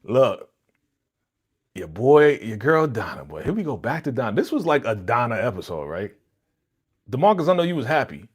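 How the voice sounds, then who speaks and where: A young man hosting a live reaction stream, talking casually and excitedly with slang and lots of laughter. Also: medium pitch, moderate pace, long pauses, husky. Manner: animated, laughing, slangy, recaps with quoted lines.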